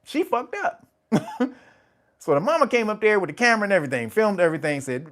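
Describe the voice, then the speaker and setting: A man's voice: sits high, big pitch swings, fairly quick, pauses often, a bit bright. A man hosting his own channel, giving casual, profane commentary and laughing often as he tells stories. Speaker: channel host.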